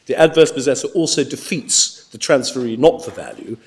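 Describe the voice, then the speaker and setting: Counsel making formal courtroom submissions. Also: male voice, mid-range voice, lively intonation. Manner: measured, with frequent stammered restarts. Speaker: barrister.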